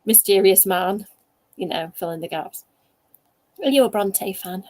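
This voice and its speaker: A woman author chatting over a video call, animated and laughing as she tells stories. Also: medium pitch, measured pace. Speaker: guest author. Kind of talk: casual video chat.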